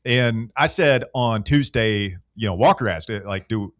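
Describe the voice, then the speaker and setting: A man's voice: lowish voice, measured pace, fairly bright tone, no room sound, clean studio sound. Sarcastic sports radio host, man. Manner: sarcastic, needling banter. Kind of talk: casual sports talk radio.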